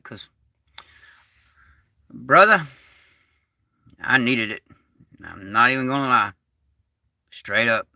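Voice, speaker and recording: A man's voice: sits high, pushed and bright, no echo, clean studio sound. A middle-aged man hosting a casual livestream, folksy and rambling, still recovering from an illness. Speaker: livestream host.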